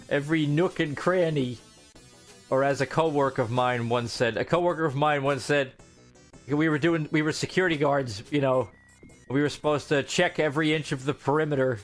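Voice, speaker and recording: A young man giving casual, joking gameplay commentary, excitable and swearing freely, with game music faint behind him. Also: on the high side. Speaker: gaming streamer.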